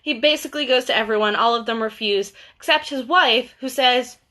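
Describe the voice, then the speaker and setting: Young woman bookseller chatting on a live stream, lots of ums, bright voice. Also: a little high, brisk. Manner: chatty, lots of fillers and asides. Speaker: bookseller hosting a book talk. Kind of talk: casual chat on a livestream.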